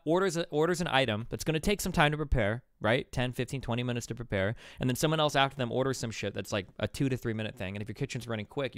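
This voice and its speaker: A man hosting a casual podcast, telling stories in a profane, animated way and acting out the quotes. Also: mid-range voice, clear, resonant tone, no room sound. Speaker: podcast host. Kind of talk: casual chat.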